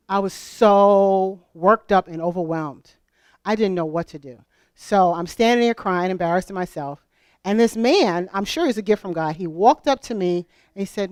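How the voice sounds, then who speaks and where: A middle-aged American woman speaking at a homeschool convention, telling personal stories in an animated, conversational way and asking the audience questions. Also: mid-range voice, no room sound, studio quality. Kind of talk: storytelling conference talk.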